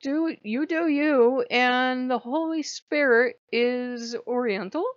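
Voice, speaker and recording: A woman's voice: high voice, slow, no echo, lo-fi sound. Profane, sarcastic woman ranting. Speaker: vlogger. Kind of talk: casual vlog rant.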